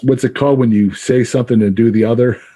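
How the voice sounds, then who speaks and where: A middle-aged man in a casual podcast interview, talking haltingly with many fillers and frequent laughs. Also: mid-range voice, dark tone, husky. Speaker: guest recalling his wrestling career.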